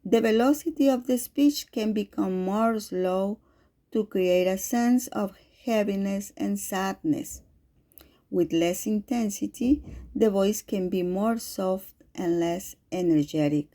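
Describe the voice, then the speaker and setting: Slow, mellow-voiced woman teaching. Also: medium pitch. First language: Spanish. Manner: slow, careful delivery. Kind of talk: lecture reading with spoken examples.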